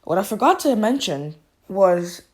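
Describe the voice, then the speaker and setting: A woman giving a casual spoken app review, talking in a halting, informal way and often restarting her sentences. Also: mid-range voice, very animated, a little mellow, breathy edge.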